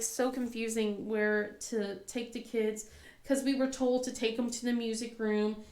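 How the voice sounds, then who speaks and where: A woman in her thirties chatting casually as a crafting channel host, rambling through a story with many fillers and a cough now and then. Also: fairly high pitch. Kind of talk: casual chat. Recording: echoey room.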